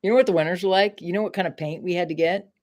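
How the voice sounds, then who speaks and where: Racing along in a lowish, slightly mellow voice, a middle-aged woman hosts a casual home livestream in Maine. When frustrated she swears without restraint, speaking straight to her chat.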